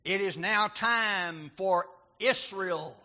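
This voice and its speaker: A male preacher giving a sermon, reading scripture and building to emphatic, shouted points. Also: high-pitched, slow pace. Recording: dull lo-fi recording.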